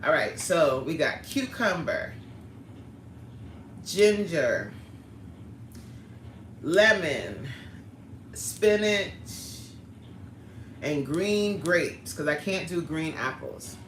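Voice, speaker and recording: Woman livestream host, lively bright voice, laughing chat with viewers, echoey room. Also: sits low, very slow, long pauses, slight background noise. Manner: chatty, reads viewer comments aloud with laughter. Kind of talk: casual live-stream chat.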